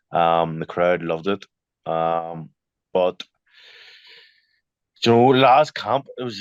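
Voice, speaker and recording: A young boxer in a casual interview, chatty, telling stories with many fillers and restarts. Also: male voice, low voice, clean tone, no echo, muffled recording.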